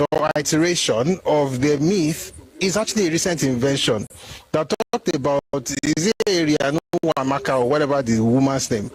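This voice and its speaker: A man's voice: fairly high pitch, poor audio. A man from Ife with a Nigerian Yoruba accent, giving a heated, indignant monologue with combative repetition. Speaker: commentator.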